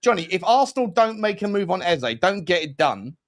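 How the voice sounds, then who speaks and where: High-voiced jokey podcast host. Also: male voice, big pitch swings, fairly quick. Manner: rambling, jokey, self-correcting. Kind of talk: casual football chat.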